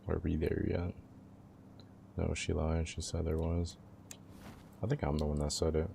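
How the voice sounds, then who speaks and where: A man's voice: very deep voice, level tone, a little slow, creaky, warm tone, slight background noise. A young man casually chatting with his livestream viewers in a laid-back, slangy way. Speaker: live streamer.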